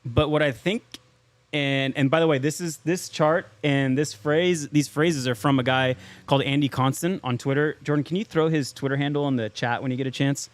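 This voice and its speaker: A man's voice: mid-range voice, steady tone, moderate pace. A man co-hosting a podcast, steering the talk and explaining a chart of market data step by step. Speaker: podcast co-host. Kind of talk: casual chat, market commentary.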